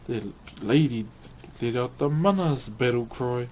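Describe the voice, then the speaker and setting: A man's voice: mid-range voice, measured pace, a little mellow, a little hiss or hum. A young man with a New Zealand accent, chatting casually on a live stream while he carves wood, laid-back and laughing often. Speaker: streamer and woodcarver.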